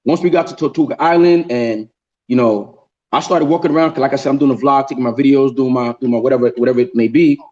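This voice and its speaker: A man hosting a casual group chat on a video call, telling a story in an animated way and often repeating words. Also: medium pitch, fast talker, highs cut off. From New York. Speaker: show host.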